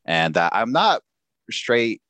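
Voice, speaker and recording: A man telling a travel story in casual chat, animated and laughing often. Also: mid-range voice, slow, dry recording.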